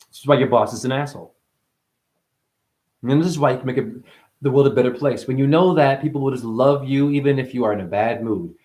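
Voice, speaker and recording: A man hosting a livestream, giving a rambling, profane, preachy spiritual monologue with sudden high, loud exclamations. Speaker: livestream host.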